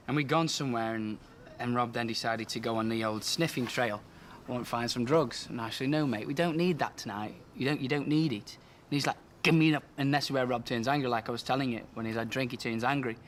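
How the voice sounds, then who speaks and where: A man's voice: mid-range voice, fairly even intonation, brisk, fairly bright tone, slight background noise. A young man chatting backstage, earnest and talkative, acting out quotes as he tells stories about his best friend. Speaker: best friend and tour companion. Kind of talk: casual backstage chat. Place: backstage room.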